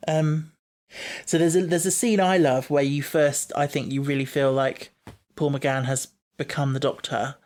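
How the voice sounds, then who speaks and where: A man's voice: a little high, level tone, moderate pace, darkish tone. A man hosting a podcast, chatting casually, musing aloud and laughing easily. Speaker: podcast host. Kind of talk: casual chat.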